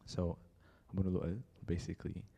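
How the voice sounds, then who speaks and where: A young man telling a story in a church talk speaks briskly in a deep, husky voice with vocal fry. A lively storyteller, he acts out the people he quotes.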